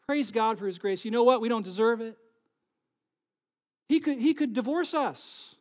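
A male pastor preaching a sermon, swinging between hushed, whispered lines and loud, pleading ones, often asking the congregation questions. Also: very high-pitched, normal speed, pauses often. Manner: asks the congregation rhetorical questions.

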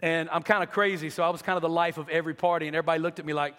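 A man's voice: on the high side, fairly even intonation, rapid-fire, fairly bright tone, smooth, in a large hall. A man from North Carolina, giving an earnest, emotional church testimony as a guest speaker. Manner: earnest, emotional storytelling, building to impassioned pleas.

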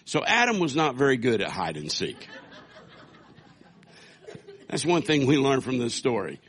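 A man's voice: mid-range voice, huge pitch swings, a little slow, fairly bright tone, a little hiss or hum. A man preaching a sermon, telling a scripture story with humor and acting out quotes. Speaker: pastor.

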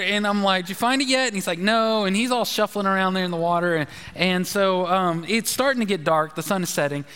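A man, a pastor telling a chatty, animated story in a sermon. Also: high voice, slight background noise. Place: church sanctuary. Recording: long reverb of a large hall.

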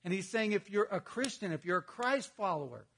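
A middle-aged man, a pastor, preaching a sermon in a conversational, humorous storytelling manner with lively outbursts. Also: high-pitched, brisk, creaky.

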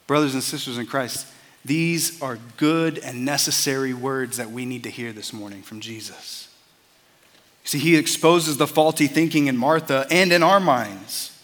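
A man's voice: mid-range voice, normal speed, a bit bright, long reverb tail. A man preaching a sermon as a pastor, earnest and conversational, often repeating words as he starts a phrase.

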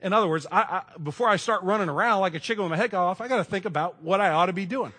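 A middle-aged man preaching a sermon in a conversational way, moving between loud emphasis and hushed asides. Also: high voice, very fast, slightly rough. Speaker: pastor.

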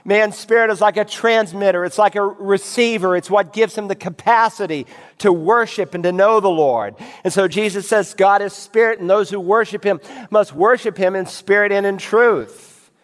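A man delivers an expository sermon, reading scripture aloud and directing his listeners with emphatic, teacherly insistence. His voice sits high for a man. It rings out with a long reverb, as if filling a large church sanctuary. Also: normal speed. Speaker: pastor.

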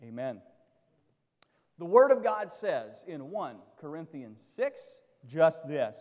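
A man's voice: sing-song, slow pace, darkish tone, big-room sound. A male pastor preaching a sermon with emphatic, dramatic delivery. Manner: emphatic preaching with dramatic swings in pitch and volume.

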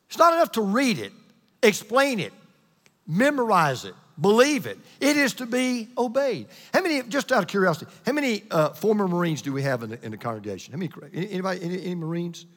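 Lively high-voiced preaching man. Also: in a large hall. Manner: emphatic, repetitive preaching cadence, slows down for key lines. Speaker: pastor. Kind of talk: sermon. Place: church hall with congregation.

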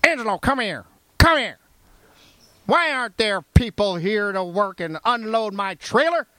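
A bullying, short-fused boss with a Southern drawl, barking at his underling, as a preacher acts him out. The voice sits high and pushes hard, berating rather than talking. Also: animated, a little slow, pushed and bright, no room sound, full character voice. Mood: angry. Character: hot-tempered male warehouse boss, bullying.

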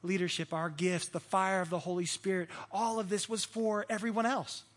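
A man's voice: sits high, flat delivery, normal speed, fairly bright tone. A man preaching a sermon as pastor, earnest and repeating words as he builds his points.

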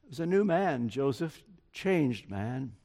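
Speaking slowly in a creaky, dark, mid-range voice, an older preacher stays very animated as he tells a sermon story. He voices the quoted dialogue of the people in it, and a long hall reverb colors the sound.

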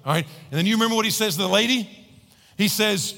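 A man preaching a sermon to a large congregation, animated, often acting out voices and joking with the crowd. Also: high-pitched, fast, gravelly. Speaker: pastor. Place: large church hall with about fifteen hundred people. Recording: long hall reverb.

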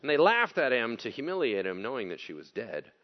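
A male pastor preaching a conversational sermon, animated and joking. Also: medium pitch, brisk, highs cut off. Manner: animated, joking, acts out quotes.

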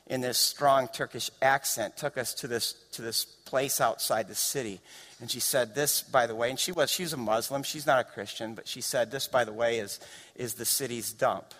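Impassioned male preacher in a reverberant hall. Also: medium pitch. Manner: building to impassioned shouts, varied pacing. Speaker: pastor. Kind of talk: sermon. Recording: long reverb of a large hall.

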